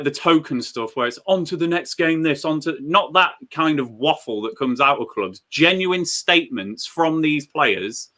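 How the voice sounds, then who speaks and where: A man hosting a live football watchalong, reading out viewer comments and venting about his team's form. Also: on the high side. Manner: reads out viewer comments, frustrated and animated. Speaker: football fan watchalong host. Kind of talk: casual live watchalong chat.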